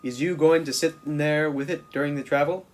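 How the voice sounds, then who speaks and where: A man voicing a big friendly old giant who mangles his grammar, loud and booming in places. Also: fairly even intonation, fairly quick, close to an everyday voice. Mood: gentle. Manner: booming, oddly phrased speech.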